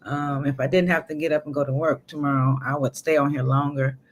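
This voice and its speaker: A woman's voice: low-pitched, flat delivery, a little fast, slight background noise. Laughing woman hosting a late-night chat. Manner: laughs often, easygoing. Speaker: live stream host.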